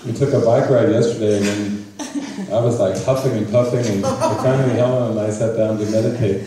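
A man leading a spiritual retreat session, speaking in a gentle, unhurried way with frequent chuckles. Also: fairly low pitch, background noise. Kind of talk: casual talk at a retreat. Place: retreat meeting room. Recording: echoey room, voice from far off.

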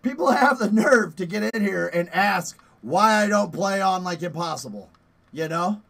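A man streaming a horror game, yelling and playfully cursing at enemies, out of breath after push-ups. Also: high-pitched, lively intonation, normal speed, vocal fry. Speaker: gaming streamer. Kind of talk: live gameplay commentary.

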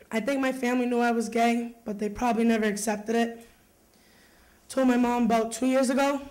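A woman's voice: a little high, darkish tone. Teen girl telling a wry stage monologue. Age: teens. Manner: conversational, wry storytelling. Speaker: youth monologue performer. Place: small stage.

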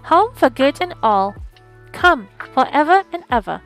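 A tiny girl in a storybook, bubbly and full of glee, as a woman puts her on. The voice is pitched very high and bright, well above the reader's own, over faint music. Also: sing-song, measured pace, heavily acted. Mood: gleeful. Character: gleeful little girl, loving younger sister.

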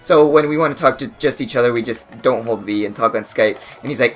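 A man's voice: medium pitch, brisk, few pauses, soft background music. A man co-hosting a gameplay video, telling rambling stories, laughing and mimicking other people. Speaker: gaming channel co-host. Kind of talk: casual gameplay commentary.

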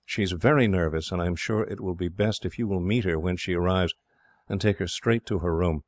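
A man's voice: low-pitched, moderate pace, no room sound, clean studio sound. A man voicing an earnest, cheerful young English officer.

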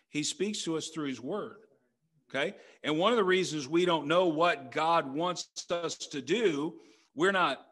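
A middle-aged man preaches a sermon from the pulpit in an earnest, conversational way. He keeps turning to the congregation with rhetorical questions, and his voice sits a little higher than most men's. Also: a bit bright. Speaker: pastor. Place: church sanctuary.

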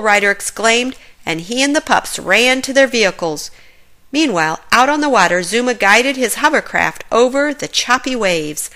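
A woman reading a children's picture book aloud, clear and expressive. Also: a little high, normal speed. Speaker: storybook reader. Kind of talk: children's storybook read-aloud.

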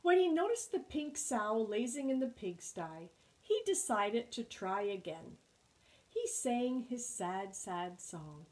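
Slow, animated woman reading aloud. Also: fairly high pitch, poor audio. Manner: expressive, animated storyteller. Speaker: librarian. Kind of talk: storytime read-aloud.

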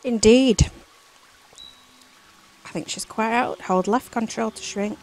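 A woman's voice: a little high, fairly even intonation, normal speed, low-quality recording. A woman giving chatty, silly let's play commentary, singing and whispering to herself as she plays. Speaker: gameplay commentator.

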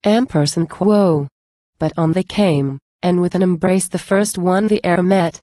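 A woman reciting a narrative poem in a measured, rhythmic reading. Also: lowish voice, steady tone, dark tone, no room sound. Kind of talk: poetry recitation.

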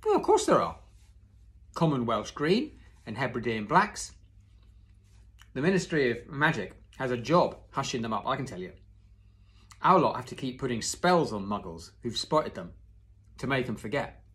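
A young schoolboy explaining the rules to his friends, voiced by a man reading aloud. The lines come out matter-of-fact and lecturing, louder than the narration. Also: medium pitch, sing-song, moderate pace, long pauses, voice pushed up.

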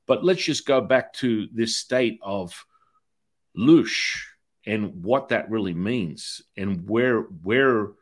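A man's voice: on the low side, lively intonation, slow pace. A middle-aged man hosting an interview podcast, talking in a rambling way with restarts and anecdotes. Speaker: podcast host. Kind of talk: conversational interview.

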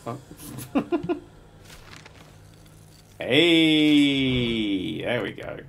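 A middle-aged man streaming a game live, muttering to himself, swearing freely and bursting into excited exclamations. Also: on the low side, moderate pace, gravelly, slight background noise. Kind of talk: live gameplay commentary.

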